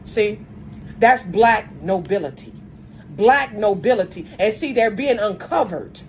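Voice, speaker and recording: Woman ranting to her viewers, keeps saying see and look, lots of repeating, mid pitch. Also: expressive, unhurried, slight background noise, poor audio. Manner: emphatic, repetitive, lecturing; often opens phrases with "see" and "look". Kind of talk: casual monologue to viewers.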